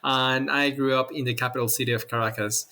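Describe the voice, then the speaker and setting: A man's voice: mid-range voice, fairly even intonation, fairly quick, bright, forceful tone. A man from Venezuela with a Venezuelan Spanish accent, a podcast guest chatting casually and laughing easily. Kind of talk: casual interview chat.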